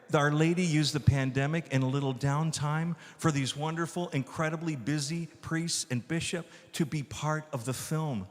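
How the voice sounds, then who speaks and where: A man, a filmmaker, telling animated stories to an audience and acting out the dialogue. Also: fairly high pitch, in a large hall. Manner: enthusiastic, acts out dialogue. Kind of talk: animated storytelling talk.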